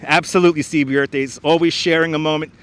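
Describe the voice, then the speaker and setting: Live-stream host, man, a bit high-pitched, casual and chatty, reads out viewer comments, outdoor clip-on mic. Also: steady tone, fast talker, a bit bright, clear, resonant tone. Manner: chatty, reads out viewer comments and greets them by name, laughs often. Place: outdoors on a frozen beach. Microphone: wireless clip-on mic.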